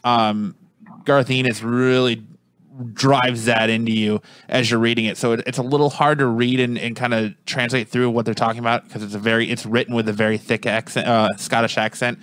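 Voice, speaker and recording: A man talks through a comic review in a loose, meandering way, often restarting his sentences mid-thought. His voice sits at an ordinary middle pitch, and the delivery is unhurried and conversational. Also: level tone, fairly bright tone, no room sound. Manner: rambling, restarts often, searches for words. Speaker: podcast co-host reviewing comics. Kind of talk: casual comic book review.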